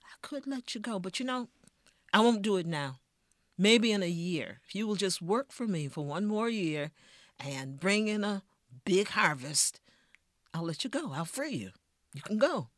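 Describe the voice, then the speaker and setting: A woman storyteller voicing a male plantation owner who calls and pleads in a high, loud voice. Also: lively intonation, moderate pace, no room sound, clean studio sound, natural voice. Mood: coaxing.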